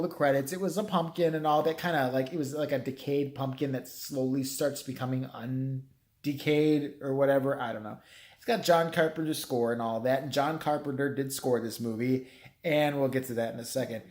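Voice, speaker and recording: A man's voice: fairly high pitch, a little mellow. A man giving a casual, rambling movie review, swearing freely and acting out characters' lines. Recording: echoey room.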